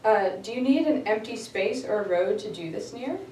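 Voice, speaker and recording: A woman's voice: on the high side, animated, normal speed, darkish tone. A woman teaching an English class, putting short questions to her students and laughing often. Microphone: camera far from the speaker. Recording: echoey noisy classroom from far off.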